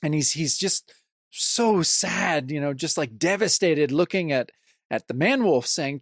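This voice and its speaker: A blunt, casual man co-hosting a comic book podcast. His voice is slightly high and moves around a lot. The recording is dry and close. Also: lively intonation, unhurried, no room sound. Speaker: podcast co-host.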